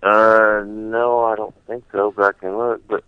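A man woken in the middle of the night by a prank call, answering quietly and in confusion. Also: lowish voice, level tone, a little slow, clear, resonant tone, dry recording. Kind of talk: phone call. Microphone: telephone. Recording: muffled phone line.

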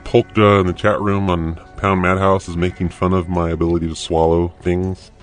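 A man live-streaming prank calls with his voice pitched down by a voice changer, talking crudely and mocking as he reads the chat. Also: little pitch movement, moderate pace, over music. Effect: pitch-lowering voice changer. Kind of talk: prank-call livestream chat.

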